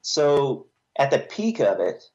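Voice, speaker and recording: A man's voice: mid-range voice, very animated, slow, a little mellow, dull audio. A male podcast guest giving a frank, earnest personal testimony with a self-deprecating edge.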